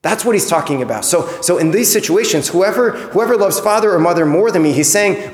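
A man's voice: sits high, lively intonation, brisk. A man giving a Sunday homily in an earnest, conversational way, often repeating words as he restarts a thought. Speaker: priest. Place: church. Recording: echoey church with long reverb.

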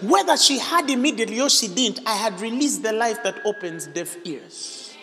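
A man preaching a charismatic sermon, emphatic and animated, breaking into shouts and asking the congregation questions. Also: high-pitched, normal speed, soft background music. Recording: echoey hall.

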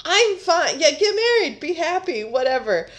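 A woman's voice: very high voice, very animated, normal speed. A woman co-hosting a podcast, chatting casually, rambling and giggling about pop culture. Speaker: podcast co-host. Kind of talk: casual comedic chat.

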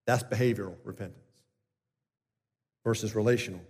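A man preaching a sermon as a pastor, earnest and emphatic, with deliberate pauses. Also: mid-range voice, animated, a little mellow, breathy edge. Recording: long hall reverb.

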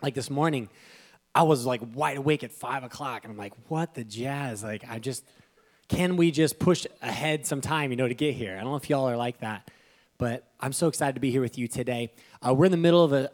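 A young man preaching on a church stage, talking casually and with feeling. He swings from soft, tender moments to sudden loud, fired-up bursts, at a middle pitch. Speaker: pastor. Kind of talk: sermon.

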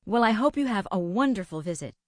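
An actress playing a friendly interviewer who asks clear questions in a scripted language-lesson dialogue. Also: female voice, mid-range voice, expressive, fast, no room sound, studio quality, natural voice.

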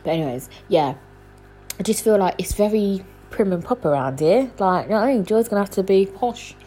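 A young woman, hosting a casual solo podcast from home at night, rambling and chatty with lots of fillers and laughs, talking quietly. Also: medium pitch, animated, brisk, a little hiss or hum, rough recording. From London. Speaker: podcast host.

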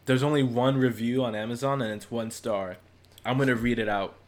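A man co-hosting a podcast in casual chat, slangy and quick to laugh. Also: medium pitch. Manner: laughing, slangy, animated banter. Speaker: podcast co-host.

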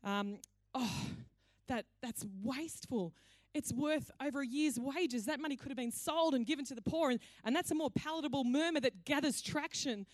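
A woman's voice: high voice, moderate pace, few pauses, dry recording, clean studio sound, lightly acted. A woman voicing a scheming man who mutters complaints at a dinner table, in a sermon retelling. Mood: sly.

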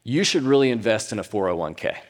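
Offhand chatty sailor as a man tells it, lively delivery, echoing hall. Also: lowish voice, fast talker, natural voice. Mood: breezy. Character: breezy male sailor in a small boat, unhelpfully chatty.

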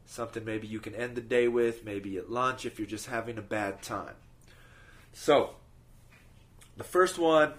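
A man telling short parables in a relaxed, casual podcast manner, often restarting his sentences. His voice sits at an ordinary middle pitch. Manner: easygoing, with restarts. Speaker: podcast host. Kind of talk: casual storytelling.

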